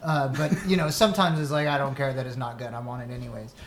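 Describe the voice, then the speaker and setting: Guy ranting on a casual podcast, gets loud and jumpy, echoey room w a little hiss. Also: fast. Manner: ranting, animated complaints with big pitch jumps. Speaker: podcast co-host. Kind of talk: casual chat. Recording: echoey room with faint noise.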